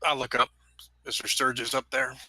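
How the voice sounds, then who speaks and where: Bright-voiced casual man playing a tabletop game. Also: medium pitch, flat delivery, moderate pace, slightly rough, no room sound. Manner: casual, drawling, says what his character does. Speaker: player.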